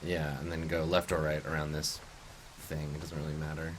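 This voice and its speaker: A man's voice: very deep voice, monotone, normal speed, a little hiss or hum. A man giving casual, playful commentary while playing a video game. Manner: chatty, playful, joking. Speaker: game streamer. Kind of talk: casual let's-play commentary.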